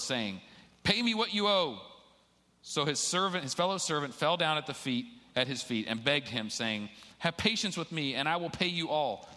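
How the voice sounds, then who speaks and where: In a hall with long reverb, a male pastor delivers a casual sermon, first reading a passage of scripture and then unpacking it for the congregation. His voice sits in the middle range and sounds pushed and bright.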